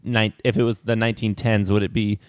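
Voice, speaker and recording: A man's voice: fairly low pitch, flat delivery, clean tone, no room sound, clean studio sound. A man competing in a podcast trivia game, stopping and restarting as he asks a clarifying question. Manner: halting, restarts while asking questions. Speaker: quiz contestant. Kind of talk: casual chat.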